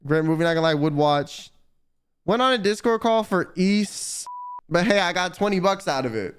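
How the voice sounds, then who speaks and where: Young male streamer, high-pitched, swooping delivery, cussing and incredulous. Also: normal speed, smooth. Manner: animated, profane, exasperated reactions. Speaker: streamer reading viewer confessions. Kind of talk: casual livestream commentary.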